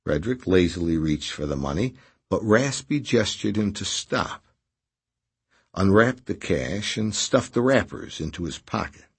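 A man reads an audiobook in scripted narration, measured and expressive. His voice sits very low, with a husky, breathy edge. His pitch still moves in a lively way across the lines.

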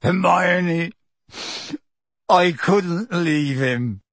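Gentle giant, deep and rough, slow and pleading, a man putting him on, audiobook, dry sound. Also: dry recording, exaggerated voice. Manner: hushed, slow, earnest pleading. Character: huge gentle half-giant man, tearful and anxious. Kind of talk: audiobook character voice.

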